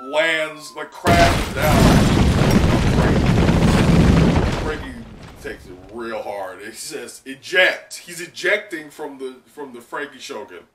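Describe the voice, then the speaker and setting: An excitable young man giving a live reaction and recap, with a bright voice and lively swings in pitch. He sounds roomy and a little distant from the mic. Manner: excitable, many fillers and laughs. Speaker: manga reaction channel host.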